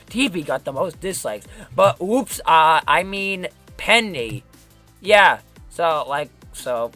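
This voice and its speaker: A man's voice: on the high side, pushed and bright. A young man giving casual, rambling commentary on his old animation, often correcting himself and laughing. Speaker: animation creator.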